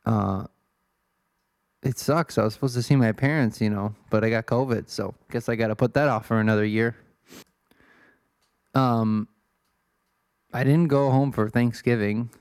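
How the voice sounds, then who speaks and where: A man's voice: fairly low pitch, fairly even intonation, a little slow, long pauses, darkish tone, clear, resonant tone, dry recording, clean studio sound. A man in his twenties from Illinois, rambling through a casual, self-deprecating monologue as a podcast host. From Illinois, USA. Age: 20s. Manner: self-deprecating, swears, wanders off topic.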